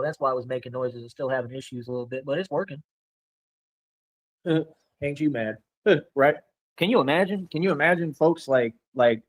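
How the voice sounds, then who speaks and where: A man's voice: mid-range voice, no room sound. A man delivering a rambling, boastful livestream rant, confrontational and full of repeated filler phrases. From Rio Grande Valley, Texas. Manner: angry and confrontational. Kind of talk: ranting livestream monologue.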